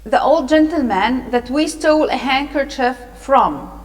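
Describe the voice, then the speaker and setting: A woman's voice: high voice, a little slow. A woman voicing a scared young boy thief who gasps out his answers in a storybook lesson. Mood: frightened. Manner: gasping. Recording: long hall reverb.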